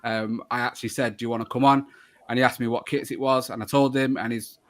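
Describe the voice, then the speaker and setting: A man's voice: mid-range voice, fairly even intonation, fast. A man hosting a live football shirt show, chatting casually with many fillers and restarts. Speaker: podcast host.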